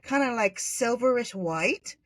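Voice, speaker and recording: A woman from Hawaii, a podcast guest, telling a personal story in a rambling way, with sudden high jumps when she voices others. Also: a little slow, no echo, poor audio. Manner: animated, acts out quoted voices with pitch jumps; rambling, self-correcting.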